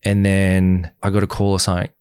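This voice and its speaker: A young man, a podcast guest, telling his story candidly and quickly, acting out the back-and-forth of past conversations. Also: low-pitched, clear, resonant tone, dry recording. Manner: fast, animated retelling, acts out quoted exchanges. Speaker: podcast guest, former reality show groom.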